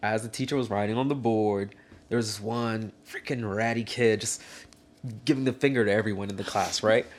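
A young man in a casual chat, telling an animated, slangy story and acting out the lines of people in it. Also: lowish voice, brisk.

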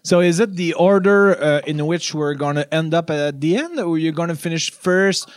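A man's voice: on the high side, normal speed, clear, resonant tone, no echo, studio quality. A man with a French accent, a native French speaker, doing an improvised comedy bit, laughing often and over-enunciating each syllable.

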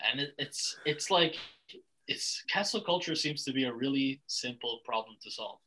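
A man's voice: mid-range voice, bright, forceful tone, husky, rough recording. A young man from Canada hosting a casual podcast chat, blunt and rambling, swearing freely with lots of restarts. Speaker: podcast host.

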